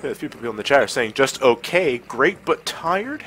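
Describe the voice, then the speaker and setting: A man's voice: mid-range voice, sing-song, moderate pace, background noise. A man with a stuffy cold, casually commenting on a game livestream, chatty and reading the chat aloud. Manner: chatty, laughs often, reads chat aloud. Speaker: livestream host.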